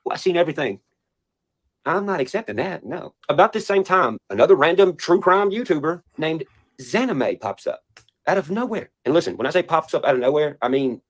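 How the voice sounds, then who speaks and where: A man's voice: a little high, very animated, a little fast. A man in a played video clip, telling a story in an indignant rant. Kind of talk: ranting video monologue.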